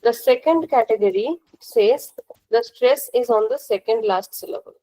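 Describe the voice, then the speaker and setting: A woman's voice: fairly high pitch, normal speed, mellow, low-quality recording. A young woman with an Indian accent teaching a language class, explaining step by step in a patient, repetitive way and checking in with questions.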